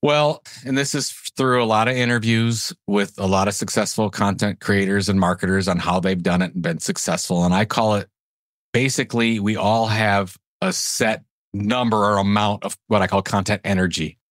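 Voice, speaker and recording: A man talking as a podcast guest in casual interview chat, emphatic and animated as he tells stories. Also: fairly low pitch, normal speed, no room sound, studio quality.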